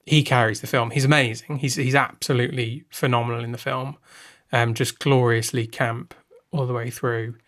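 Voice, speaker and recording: A man in relaxed conversation on a film podcast, talking at a mid pitch. He thinks aloud and restarts his sentences, keeping an easy, casual tone. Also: moderate pace. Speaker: podcast co-host.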